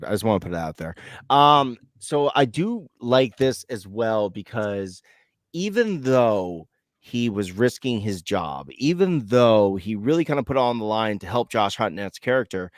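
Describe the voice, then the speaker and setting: A man's voice: on the low side, expressive, unhurried, dry recording, clean studio sound. A man co-hosting a casual film commentary, chatty and laughing, hesitating with fillers. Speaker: podcast co-host.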